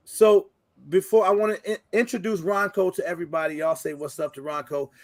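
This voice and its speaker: A man's voice: high-pitched, steady tone, a little fast, a little mellow, no echo, studio quality. A man hosting a casual livestream chat, laid-back and joking, full of slang. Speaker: podcast host.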